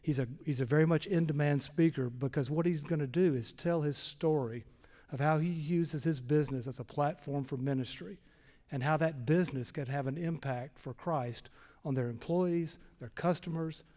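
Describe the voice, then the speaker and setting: Man, slightly high voice, chapel introduction, measured, long reverb. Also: darkish tone. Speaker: host introducing the guest speaker. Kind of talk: formal introduction.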